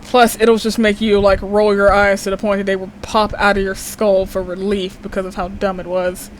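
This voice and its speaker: A woman's voice: moderate pace, slight background noise, rough recording. A young woman from Texas chatting casually and animatedly, acting out quotes as she tells stories. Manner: animated storyteller, acts out quotes with wide pitch jumps. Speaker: co-host of a gaming video. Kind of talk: casual chat.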